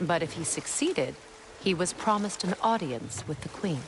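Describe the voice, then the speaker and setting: An actress playing a proud, bitter goddess queen and mother who talks in a dry, sardonic, measured way, in a video game cutscene. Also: on the low side, animated. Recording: game audio with clear ambient noise.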